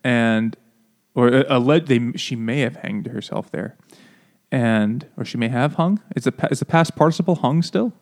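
A man's voice: medium pitch, moderate pace, gravelly. A man co-hosting a casual book club podcast, retelling the story with joking mock quotes. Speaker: podcast co-host.

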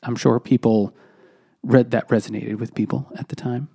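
A man's voice: medium pitch, fairly even intonation, normal speed, creaky, dark tone, slightly rough. A man in casual book talk, blunt and exasperated, swearing freely.

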